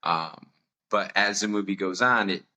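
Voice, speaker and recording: Young guy podcast host, deep but bright voice, candid story, laughs at himself a lot. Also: normal speed. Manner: candid and self-mocking, laughs often. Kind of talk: personal storytelling.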